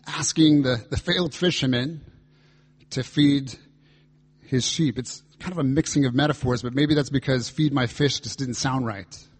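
A man's voice: medium pitch, breathy edge. A man pastor preaching a reflective, earnest sermon, reading and voicing scripture dialogue as he explains it.

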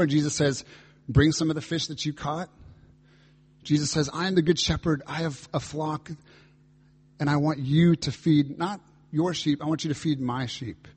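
A man's voice: on the high side, a little mellow, slightly rough. A man pastor preaching a reflective, earnest sermon, reading and voicing scripture dialogue as he explains it.

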